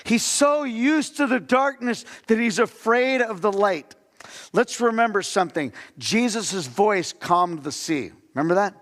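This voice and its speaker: A man's voice: high voice, expressive, measured pace, fairly bright tone. A man preaching a sermon as the pastor, talking conversationally and asking the congregation questions. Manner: conversational preaching with audience questions and acted-out quotes. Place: church sanctuary. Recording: long church hall reverb.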